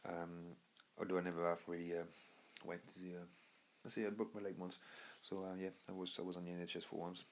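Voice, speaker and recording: A man's voice: low-pitched, monotone, quick pace, a little hiss or hum. A young man from Birmingham talking casually as a podcast host, rambling with many fillers and restarts. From Birmingham, England. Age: young adult. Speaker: podcast host recommending books. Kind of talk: casual monologue.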